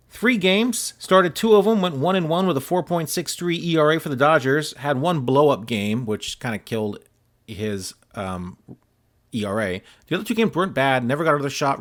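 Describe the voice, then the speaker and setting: A man vlogging about his sports card mail, talking casually with lots of filler words and wry, self-deprecating humor. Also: mid-range voice. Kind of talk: casual chat while opening mail.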